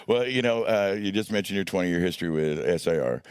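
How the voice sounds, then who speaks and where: Male interview host, very low voice, laid-back delivery, dry mic. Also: wildly swooping pitch, moderate pace, creaky, clear, resonant tone, dry recording. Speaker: podcast host. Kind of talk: casual interview.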